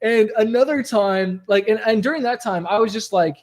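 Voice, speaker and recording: A man, a rap rock musician, telling stories from his past in a motivational talk to camera, animated and conversational, full of "like" and "okay?". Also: high-pitched, a little fast, few pauses.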